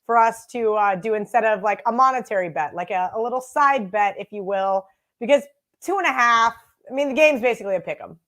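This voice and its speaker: A woman's voice: fairly high pitch, fairly quick, fairly bright tone. Brash, swearing young woman co-host. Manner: brash, self-mocking, swears freely. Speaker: sports betting show co-host. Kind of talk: casual live sports chat. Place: home studio with green screen.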